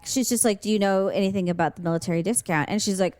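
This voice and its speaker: A woman co-hosting a podcast, telling a story in casual chat, animated and swearing freely. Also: mid-range voice, fast, dry recording. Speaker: podcast co-host.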